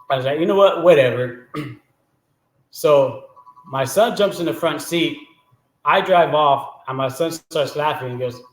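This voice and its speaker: A man casually telling a joke story as the host, talking in a chatty way and often clearing his throat. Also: a little high, fairly bright tone, reverberant, rough recording.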